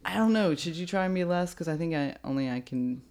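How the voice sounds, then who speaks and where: A woman's voice: on the low side, expressive, fast, a little mellow. A woman hosting a podcast in casual chat, giggly, rambling and playful. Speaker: podcast host.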